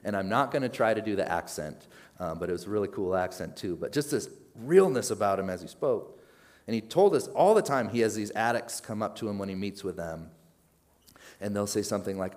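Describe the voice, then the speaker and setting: Young male pastor, slightly low voice, conversational sermon delivery with animated peaks and hushed drops. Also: a little fast. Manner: conversational, animated, drops to a hush at key points.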